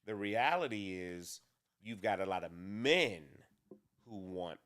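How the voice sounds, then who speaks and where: A man with a fairly low voice talks through relationship questions at an easy, considered pace. He doubles back and restarts now and then, like someone working his thoughts out aloud. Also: animated, fairly bright tone. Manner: deliberate, measured, with restarts. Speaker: co-host. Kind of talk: casual relationship talk.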